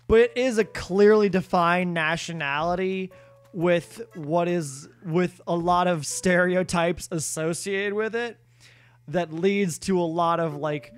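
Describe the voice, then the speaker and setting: A man live-streaming a video game, chatting casually with viewers in a rambling, self-deprecating way. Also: high voice. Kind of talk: casual live-stream chat while gaming.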